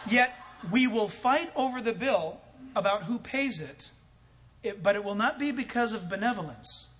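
A man's voice: sits high, a bit bright. A man telling a story in a sermon as a pastor, acting out both sides of a conversation and chuckling often.

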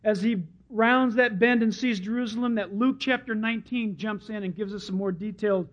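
A male pastor preaches with a high, lifted voice. He tells stories with animation and acts out the crowd. The recording is dull and lo-fi. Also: brisk, a bit bright. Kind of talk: sermon.

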